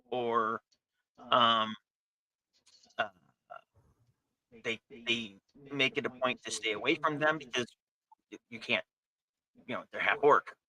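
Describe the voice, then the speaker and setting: A man's voice: mid-range voice, pushed and bright, poor audio. A man narrating a tabletop game as game master in a casual, descriptive way.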